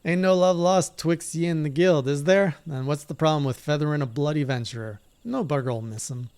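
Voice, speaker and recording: A man voicing a rough-spoken, menacing female poacher leader from a game, with coarse dialect speech. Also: a little high, a little fast, a little mellow, voice pushed up, lightly acted. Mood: taunting.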